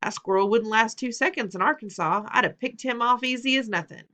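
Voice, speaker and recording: A woman's voice: a little high, a little fast, fairly bright tone, pitched above the performer's own voice, close to an everyday voice. A woman doing a chatty Southern country boy. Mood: boastful. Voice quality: chatty, drawling. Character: friendly talkative country boy from Arkansas.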